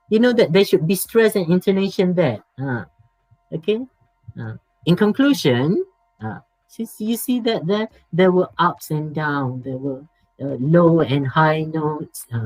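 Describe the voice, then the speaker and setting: A man's voice: fairly high pitch, no room sound, poor audio. Malaysian man teaching exam speaking skills. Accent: Malaysian English. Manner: repetitive, emphatic, drops to soft asides. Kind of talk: exam preparation lecture. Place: online workshop.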